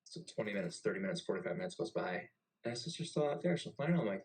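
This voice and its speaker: A man's voice: low-pitched, very fast, poor audio. A young man who served in the navy, telling a story in casual, profane chat. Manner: profane and animated. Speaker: podcast host and navy veteran.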